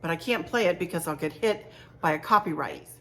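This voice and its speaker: A woman's voice: on the low side, animated, a little fast. A middle-aged woman chatting casually to camera about a shopping haul, chatty and gushing, often repeating herself. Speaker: home decor vlogger.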